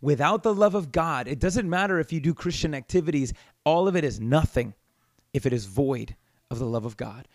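A man preaching with rising passion, his fairly high voice swinging between quiet reflection and emphatic scolding. The sound is dry and close, with no room around it. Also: lively intonation, a little fast, dry recording. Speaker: pastor. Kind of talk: sermon.

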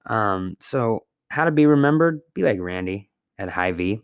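Low-voiced man chatting casually. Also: expressive, normal speed, smooth, no echo, studio quality. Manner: rambling, conversational, with fillers and mild swearing. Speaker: podcast host. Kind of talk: casual solo podcast monologue. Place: apartment.

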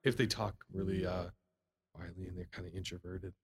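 A man's voice: deep voice, fairly quick, husky. A man co-hosting a casual talk show, telling sales stories with lots of laughter and acted-out quotes. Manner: animated storyteller, laughs often, acts out customers. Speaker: podcast co-host, salesman. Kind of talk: casual chat.

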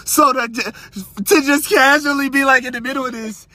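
A young man hosting a podcast, ranting in a crude, animated, comedic way and asking his listeners one rhetorical question after another. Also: extremely high pitch, fairly quick, dry recording. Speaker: podcast host. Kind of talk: casual comedic rant. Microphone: podcast mic.

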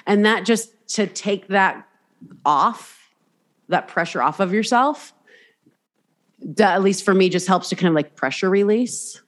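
Candid, animated woman podcast host. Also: mid-range voice, measured pace, pauses often. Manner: candid, swears freely, animated storytelling. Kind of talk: casual chat.

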